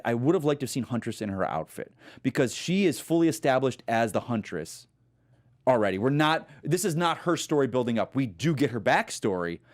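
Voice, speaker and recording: Animated man chatting about a film. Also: a little high. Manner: animated, excitable, talks over co-host. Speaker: co-host of a movie news show. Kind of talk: casual film review chat.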